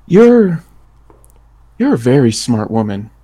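A man playing in a tabletop role-playing game, talking in a relaxed, rambling way and laughing often. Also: mid-range voice, takes it slowly. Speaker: player.

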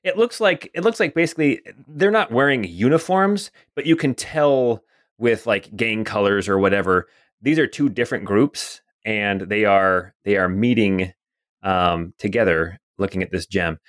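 A man narrating a tabletop game as game master, relaxed, with many fillers. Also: fairly low pitch, moderate pace, dry recording, clean studio sound.

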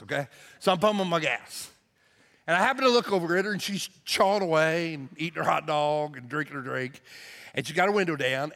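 A man preaching a sermon as pastor, telling a story and shouting lines out for emphasis. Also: fairly high pitch. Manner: storytelling, shouts for emphasis, drawn-out slow phrases. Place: church auditorium. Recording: long hall reverb.

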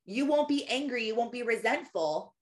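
A woman's voice: a little high, expressive, moderate pace. A woman in her thirties giving a personal faith talk, telling stories in a chatty way with many fillers. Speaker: Christian speaker.

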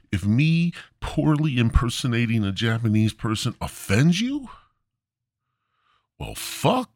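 A man's voice: mid-range voice, slightly rough, dry recording, clean studio sound. Profane rambling man with a swooping voice. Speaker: podcast host. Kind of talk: crude stand-up style rant.

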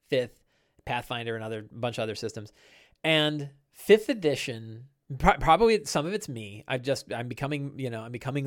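A middle-aged man hosting a casual live-stream chat, rambling and animated, with many fillers and restarts. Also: medium pitch, dry recording, clean studio sound. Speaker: podcast host.

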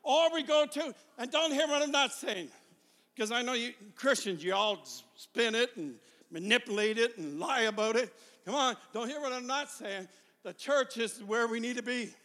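A middle-aged man preaching a sermon as a travelling evangelist, swinging from shouted fervor to quiet confiding asides. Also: very high voice, moderate pace. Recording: long hall reverb.

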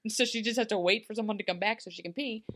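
A chatty woman co-hosting a casual podcast, her voice sitting at an everyday middle pitch. She talks loosely and animatedly, full of fillers and little laughs as she recaps. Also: rapid-fire, fairly bright tone. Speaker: podcast co-host.

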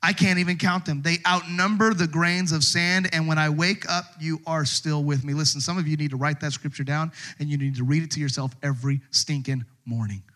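A middle-aged man preaching a sermon as pastor, animated, swinging from quiet asides to shouted bursts as he acts out voices. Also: a little high, fairly quick, few pauses.

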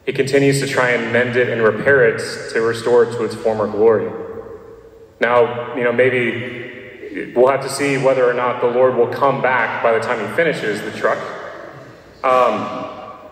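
A priest from Nashville giving a sermon, casual and joking, with many fillers. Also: male voice, mid-range voice, steady tone, unhurried, a bit bright. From Nashville, Tennessee. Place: church. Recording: echoey church hall.

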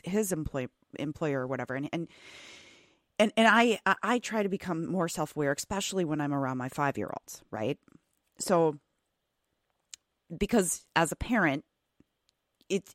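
A woman's voice: fairly low pitch, no echo, clean studio sound. A woman hosting a podcast interview, talking casually and rambling through stories with lots of fillers and restarts. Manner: animated storytelling about family. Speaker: podcast host.

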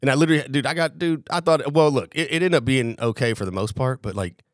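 A man's voice: medium pitch, fast talker, dry recording. Profane storytelling man, dry close sound. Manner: animated, profane, acts out quotes. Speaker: podcast co-host. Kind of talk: casual storytelling chat.

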